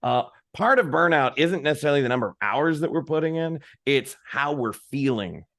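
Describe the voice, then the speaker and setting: A man's voice: fairly high pitch, animated, fairly quick, fairly bright tone. Upbeat man leading a virtual workshop. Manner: upbeat, encouraging, peppered with "right?". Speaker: workshop facilitator. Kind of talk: interactive virtual workshop facilitation. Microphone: video call.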